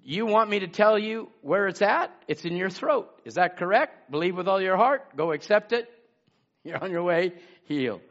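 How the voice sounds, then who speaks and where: A man preaching a sermon, swinging from loud exclamations to hushed asides. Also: high-pitched, animated, normal speed. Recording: muffled lo-fi sermon recording.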